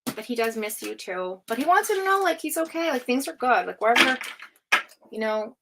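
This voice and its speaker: A woman's voice: a little high, very animated, a little fast, a bit bright, a little hiss or hum, low-quality recording. A woman giving a live tarot reading, talking casually with lots of fillers, frequent laughs and a bit of swearing. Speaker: tarot reader. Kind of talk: live-stream psychic reading.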